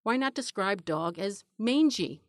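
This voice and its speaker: A woman's voice: mid-range voice, lively intonation, measured pace, dry recording, lightly acted. Fussy know-it-all fox, read by a woman, purring and precise, dry sound. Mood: mocking. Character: smug, fussy male fox, stickler for accuracy.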